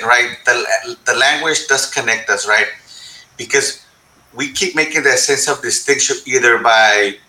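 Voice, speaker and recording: A man with a strikingly bright voice speaks on a panel in an echoey room. He talks in an animated way, mixes English with Spanish, and keeps tossing in "right?". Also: medium pitch. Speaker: panel guest. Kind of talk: panel discussion.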